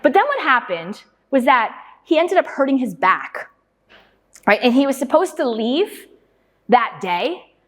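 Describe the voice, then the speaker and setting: High-voiced woman lecturing in a reverberant hall. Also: unhurried. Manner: quizzes the audience and repeats their answers back; lively anecdotal storyteller with frequent "right?" and "okay?". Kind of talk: interactive lecture with storytelling.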